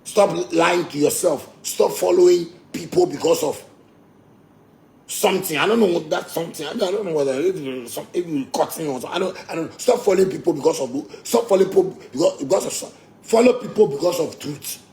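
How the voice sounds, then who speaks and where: Ghanaian man, gravelly, a bit high, cocky profane rant. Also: fairly quick, darkish tone. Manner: boastful, profane, mixes Pidgin. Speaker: musician. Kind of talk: heated rant.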